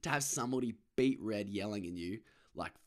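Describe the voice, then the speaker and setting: A man's voice: fairly low pitch, lively intonation, fairly quick. Rambling, sweary man. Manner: rambling, sweary, self-mocking, laughs often. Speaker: vlogger. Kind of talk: casual solo monologue to camera.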